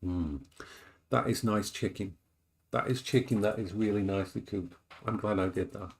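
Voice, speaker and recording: A man's voice: on the low side, moderate pace, a little mellow. A man streaming live while he cooks, chatting casually, rambling and repeating himself as he moves around the kitchen.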